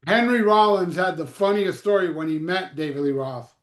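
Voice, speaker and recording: A man chatting casually as a podcast host, telling animated stories and swearing freely. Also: sits high, normal speed, reverberant. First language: Spanish. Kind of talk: casual chat.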